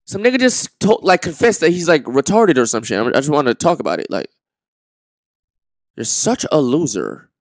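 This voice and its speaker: A man streaming a reaction, talking to his chat in an animated way, dropping to a mumble and then getting loud. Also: on the high side, fast, hardly any pauses. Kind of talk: livestream reaction commentary.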